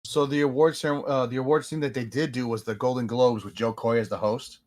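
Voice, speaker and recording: A man's voice: medium pitch, fairly even intonation, fairly quick, a little mellow. A man co-hosting a podcast, laid-back, chiming in with short remarks and chuckles. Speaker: podcast co-host. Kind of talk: casual banter.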